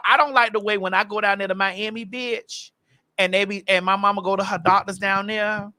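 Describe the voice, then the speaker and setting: A woman hosting a casual chat, telling stories in a brash, profane, animated way. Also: mid-range voice. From Florida. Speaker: host.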